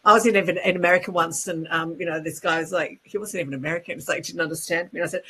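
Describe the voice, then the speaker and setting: Australian woman speaking coach, chatty and animated, crisp bright tone, slight hiss on the line. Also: fairly low pitch, fast talker, hardly any pauses, poor audio. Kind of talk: casual interview chat.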